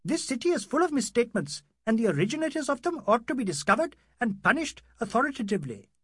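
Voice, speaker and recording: A man's voice: very high voice, very animated, quick pace, breathy edge, dry recording, studio quality, voice pushed up, heavily acted. A man voicing a fussy, nervous older male doctor who is flustered and indignant and speaks broken English. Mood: fussed.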